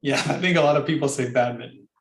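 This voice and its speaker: A man's voice: fairly high pitch, fairly even intonation, very fast. Guy cohosting a podcast, laid back and jokey, swears a bit, pretty echoey room. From Canada. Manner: loose and joking, swears casually. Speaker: podcast co-host. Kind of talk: casual chat.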